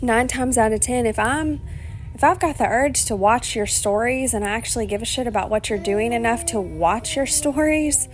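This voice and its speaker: A woman's voice: a little high, moderate pace, a little hiss or hum. A woman hosting her own solo podcast, rambling in a chatty, emotional way, laughing often and swearing casually. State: emotional, near tears. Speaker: podcast host.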